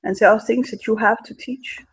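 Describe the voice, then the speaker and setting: A man playing a tabletop role-playing game, speaking in character with an earnest, halting delivery. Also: steady tone, a bit bright, slightly rough, dry recording, low-quality recording. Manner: earnest, halting pitch with fillers. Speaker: player.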